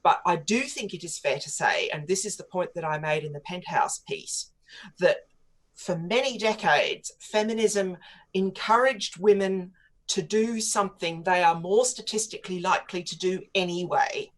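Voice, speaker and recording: A woman's voice: fairly low pitch, normal speed. Articulate woman commentator. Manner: articulate and opinionated, long flowing arguments. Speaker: political commentator. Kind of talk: studio interview on talk radio.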